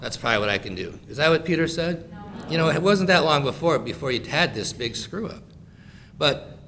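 A man delivering a lively sermon in plain, conversational words. His voice sits a touch high and sounds bright and forward, and he acts out quoted lines in voices. A faint rumbling hum runs underneath. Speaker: preacher.

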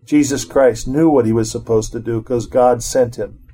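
A man's voice: mid-range voice, steady tone, normal speed, dark tone, breathy edge. A middle-aged man leading an informal Bible study, reading verses aloud and then commenting on them in a conversational way.

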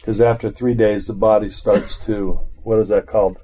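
A man's voice: lowish voice, flat delivery, moderate pace, a crowd in the background. A middle-aged man leading an informal Bible study, reading verses aloud and then commenting on them in a conversational way.

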